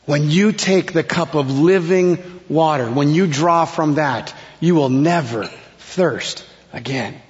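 A man preaching a sermon in a slow, dramatic way, his voice dropping to a hush at key words. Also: a little high. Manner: slow, dramatic delivery with sudden soft drops. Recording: long hall reverb, dull lo-fi sound.

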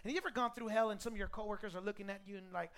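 A pastor preaching a sermon to a congregation, animated, calling for responses and often restarting phrases with repeated words. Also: mid-range voice, racing. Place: church service before a congregation.

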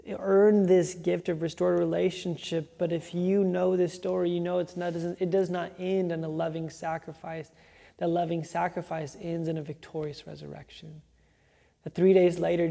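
A preacher delivers a sermon with emphatic, rhythmic repetition. The voice is gravelly and warm, held to a narrow, even pitch. It rings out with the long reverb of a large hall.

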